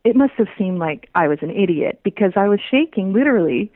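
Lady calling in, tinny dry phone sound, chatty and lively, laughs a lot. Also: mid-range voice, brisk, few pauses, no echo. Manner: animated, laughs often, repeats words. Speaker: guest telling a personal story. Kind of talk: casual storytelling.

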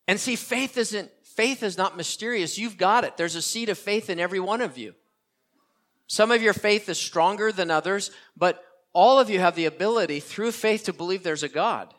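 Older male pastor, earnest sermon delivery with emphatic repetition, slightly higher voice. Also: fairly bright tone. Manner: earnest, repeats key phrases for emphasis.

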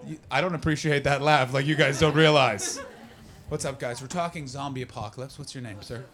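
In a comedy club, an American stand-up comic works the crowd, brash and profane, flipping between muttered asides and loud rants. He speaks fairly quickly at a medium pitch.

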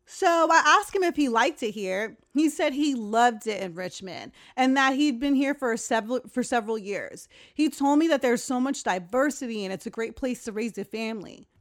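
Young woman host, casual podcast-style storytelling, frank and animated, slightly high voice. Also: moderate pace, few pauses. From Long Island, New York. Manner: candid, profane, animated retelling with quoted voices.

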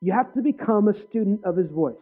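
A male preacher giving an earnest personal testimony in a sermon, with sudden loud bursts. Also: sits high, animated, quick pace. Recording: tinny phone-like sound.

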